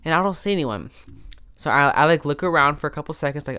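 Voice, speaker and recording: A man's voice: a little high, expressive, fast talker, pushed and bright, clear, resonant tone. A man hosting a podcast, telling a story in a rambling, casual way, often cutting himself off with restarts and asides. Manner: self-interrupting, restarts and asides. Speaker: podcast host. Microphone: podcast microphone.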